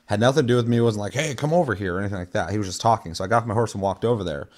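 A young man with a fairly low voice talks casually on a podcast. He rambles through his stories, swears freely and leans on filler words. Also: fairly even intonation, racing. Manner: rambling, profane storytelling with many fillers. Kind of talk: casual chat.

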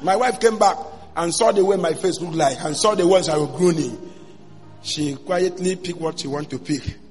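A man, a pastor telling his story in a sermon, dropping to a hush and then bursting into shouts. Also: on the high side, breathy edge. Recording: long hall reverb with faint music.

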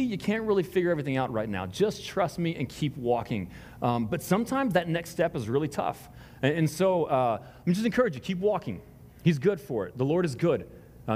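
A man's voice: on the high side, a little mellow. A man speaking as pastor, giving casual announcements to his congregation in a rambling, self-deprecating way full of tangents. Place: large church hall before a congregation. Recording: long reverb of a large hall.

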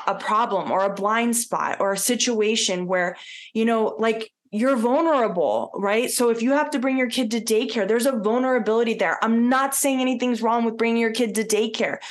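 A woman's voice: fairly high pitch, normal speed. A woman co-hosting a podcast, talking in an earnest, heartfelt casual chat with many "like" fillers. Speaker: podcast co-host.

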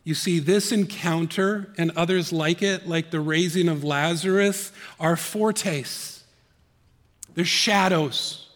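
A male pastor preaching a sermon, earnest, dropping to soft hushed tones and rising to emphatic peaks. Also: on the high side, slow pace, in a large hall.

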